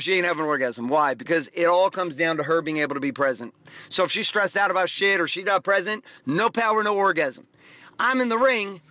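A man's voice: high-pitched, pushed and bright, dry recording. A middle-aged man hosting a podcast, telling profane, rambling stories in a casual motivational monologue. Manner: profane, rambling, emphatic storytelling. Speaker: podcast host.

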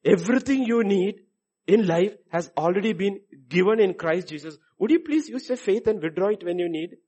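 Man preaching, fairly high voice, swings from low musing to loud, animated outbursts, acts out quoted voices. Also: normal speed, husky. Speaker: pastor. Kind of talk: sermon.

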